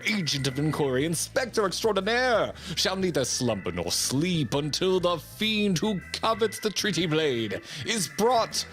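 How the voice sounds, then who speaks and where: A pompous gentleman inspector, put on by a man. He declaims every phrase with a grand, lively swing. The delivery stays stagey and self-important. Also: sits high, a little slow, hardly any pauses, faint music behind, pitched above the performer's own voice, full character voice. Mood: grandiose.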